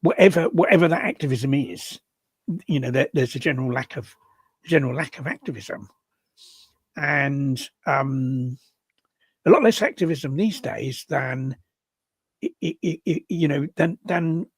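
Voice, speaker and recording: Halting older man, husky voice. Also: mid-range voice, no echo. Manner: halting, many restarts and repeated words. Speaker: podcast co-host. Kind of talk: casual discussion.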